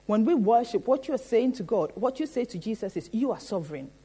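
A woman preaching a sermon in a church, often pausing to ask the congregation "Amen?" and building her points through repetition. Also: fairly high pitch, lively intonation, warm tone, breathy edge. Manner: rhetorical, repeats "Amen?" to the congregation.

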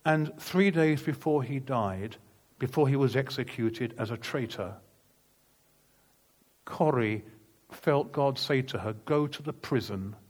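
A man preaching a sermon, telling a personal story in an earnest, emphatic way and acting out the dialogue as he goes. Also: medium pitch. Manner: earnest, emphatic testimony with vivid retold dialogue.

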